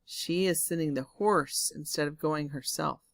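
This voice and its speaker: A woman reading a picture book aloud to children, pausing to ask them questions. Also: low-pitched, creaky, no room sound, clean studio sound. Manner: asks the listening children questions. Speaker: storybook reader. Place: home, during lockdown.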